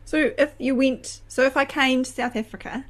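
A woman's voice: high voice, steady tone, normal speed. A young woman with a New Zealand accent in casual conversation, telling stories with lots of fillers, restarts and laughter. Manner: chatty, laughs often, many fillers and restarts. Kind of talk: casual chat.

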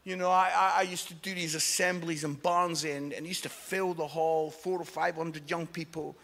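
A man preaching a lively sermon in a large church hall, animated and loud, often laughing and shouting between stories. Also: fairly high pitch, moderate pace, few pauses. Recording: long hall reverb.

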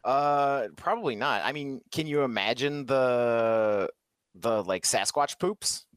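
A man co-hosting a podcast in casual chat, playful and jokey, quick to laugh. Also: medium pitch, smooth, dry recording, clean studio sound. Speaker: podcast co-host.

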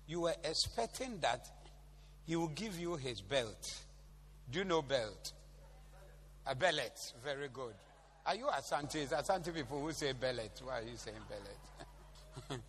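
A man's voice: fairly high pitch, sharp tone, slightly rough. Ghanaian man preaching in an echoey hall. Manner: playful, bantering with the congregation. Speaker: pastor. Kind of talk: sermon. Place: large church hall. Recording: echoey hall, faint hum.

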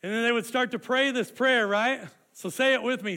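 High-voiced pastor leading a congregation. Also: male voice, moderate pace, hardly any pauses. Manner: animated, leads congregation in call-and-response. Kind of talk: sermon.

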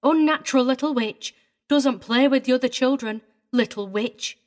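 A woman's voice: high-pitched, normal speed, close to an everyday voice. A woman voicing a prim, tearful middle-aged governess in a dramatized audiobook reading, agitated and wavering. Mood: vehement, tearful.

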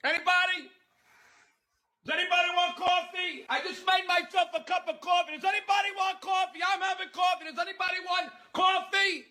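Man doing a frantic coffee pusher, high and bright, shouty and repetitive. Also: steady tone, fairly quick, full character voice. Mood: manic shouting.

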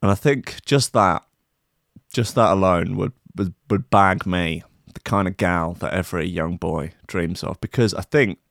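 A man spins a meandering comic story, full of swearing and self-mockery. His voice sits a little low and sounds dry and close. He talks like a host addressing his regular listeners. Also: measured pace, creaky, a bit bright, dry recording. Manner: profane, self-mocking, meandering asides.

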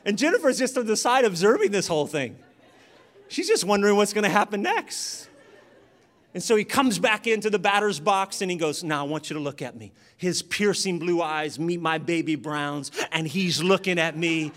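A man preaching a sermon, telling a personal story with animated delivery and acted-out voices. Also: sits high, moderate pace. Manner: animated, acts out voices in his stories. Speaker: pastor.

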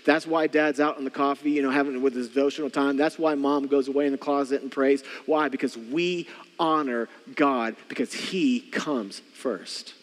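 A man preaching a sermon as a pastor, earnest and repetitive, often dropping to soft quiet tones to stress a point. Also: medium pitch, steady tone, moderate pace, big-room sound. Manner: earnest, repeats phrases, drops to soft quiet tones for emphasis.

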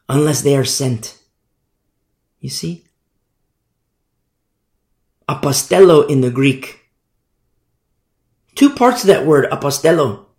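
A man preaching a sermon with fervent emphasis, swinging between loud declarations and hushed asides. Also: on the high side. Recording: echoey room.

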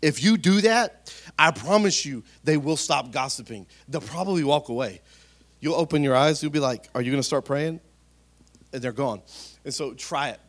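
A man, preaching a sermon in a conversational storytelling way that swings from loud to hushed. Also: on the high side, animated, normal speed. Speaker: pastor.

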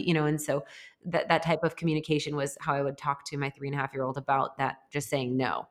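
A woman who co-hosts a podcast and is a mother chats casually, telling a long, earnest story in a reflective, rambling way. Her voice is low-pitched and level, and she speaks fast.

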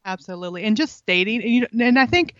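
A woman's voice: medium pitch, lively intonation, fast, a bit bright, no room sound, lo-fi sound. A middle-aged woman, a guest on a parenting interview, telling earnest stories and acting out the lines people said to her. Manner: earnest storytelling, acts out quoted lines, laughs often. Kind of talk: conversational interview.

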